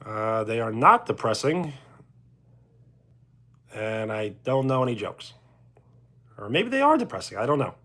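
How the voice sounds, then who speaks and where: Husky streamer with a New York accent, unhurried chat banter, lively intonation. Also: male voice, mid-range voice. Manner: reads out and answers chat comments. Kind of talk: casual livestream chat.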